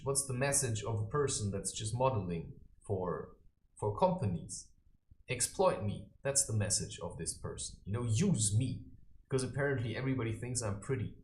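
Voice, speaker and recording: A man's voice: medium pitch, a little hiss or hum. A man vlogging in a rambling, provocative monologue, ranting animatedly from a bare room indoors. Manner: animated, provocative, ranting, often laughing at himself. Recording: echoey room.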